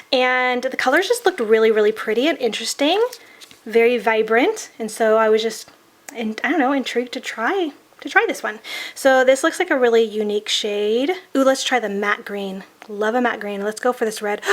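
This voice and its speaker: A gushing beauty vlogger, a woman whose voice sounds a bit sick. She talks softly and chattily in a slightly high register, cooing over products in a casual review. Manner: gushing, chatty, soft-spoken. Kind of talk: casual makeup review vlog.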